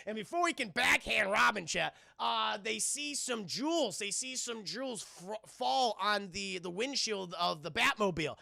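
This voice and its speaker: A man recapping a cartoon episode live to his stream chat, excitable and profane, constantly addressing the chat. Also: high-pitched, moderate pace, gravelly, few pauses, dry recording, clean studio sound. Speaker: streamer and reviewer.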